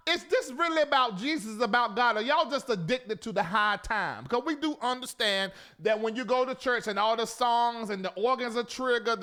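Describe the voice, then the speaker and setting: A man hosting a live talk show, preaching and scolding theatrically with sudden shouts. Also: very high-pitched, smooth.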